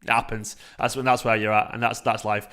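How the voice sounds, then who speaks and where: A young man, chatting casually to his live chat as a fan channel host, animated and full of fillers and restarts. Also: on the low side, fairly quick.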